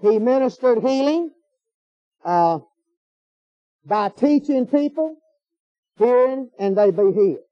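A man's voice: very high voice, animated, slow pace, long pauses, dark tone, no echo. A man preaching a sermon in a folksy, emphatic way, firing off rhetorical questions. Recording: dull lo-fi sermon recording.

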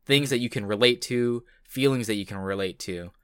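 A man co-hosting a casual podcast, rambling earnestly with lots of fillers. His voice sits at an average pitch. It is recorded very dry and close. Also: a little fast, clear, resonant tone, no echo. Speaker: podcast co-host. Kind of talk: casual chat.

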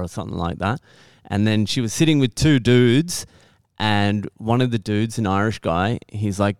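A man's voice: lowish voice, moderate pace, few pauses, clean tone, no room sound, clean studio sound. A young man on a podcast telling a story in casual talk, swearing constantly and laughing now and then.

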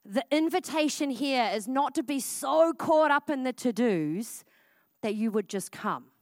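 A woman, preaching a casual, energetic sermon at church. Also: high voice, unhurried, dry recording. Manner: casual and energetic, with frequent "like" fillers.

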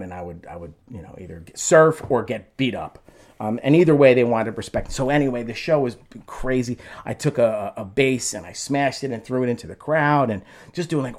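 A middle-aged man speaks at a medium pitch, telling a long story as a guest. He restarts his sentences often and breaks into raised, animated voices when he quotes people. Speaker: guest, former band singer. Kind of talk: conversational storytelling.

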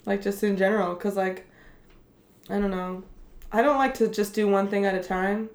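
A woman's voice: mid-range voice, steady tone, normal speed. A young adult woman hosting a casual chat, giggling often and filling her talk with "like". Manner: giggly, filler-heavy chatter. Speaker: host. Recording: roomy echo.

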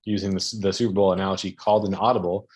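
Guest dude with a lowish voice, dry self-mocking storyteller. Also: male voice, steady tone, racing, darkish tone. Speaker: podcast guest. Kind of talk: casual storytelling.

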